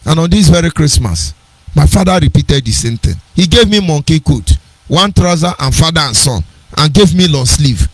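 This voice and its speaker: A man's voice: fairly high pitch, expressive, normal speed, dry recording, rough recording. A middle-aged man with a Nigerian accent, giving an earnest personal storytelling talk on a radio program, digressive and with sing-song emphasis.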